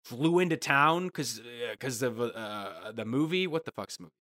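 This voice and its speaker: A man's voice: medium pitch, expressive, moderate pace, pushed and bright. A man from Ohio co-hosting a comedy podcast, ranting in a profane, sarcastic way. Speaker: podcast co-host. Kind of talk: casual comedic chat.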